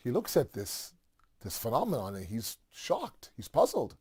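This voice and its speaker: A man's voice: mid-range voice, wildly swooping pitch, moderate pace, warm tone, breathy edge. A man telling a religious story in a casual, conversational way, with many fillers and asides.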